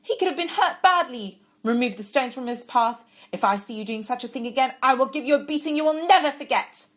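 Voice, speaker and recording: A woman narrator plays a young woman of ancient times, kind but sharp-tongued, quick to scold and slow to open up. Her voice rises high and loud when roused, then turns curt and guarded. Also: lively intonation, natural voice. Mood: furious.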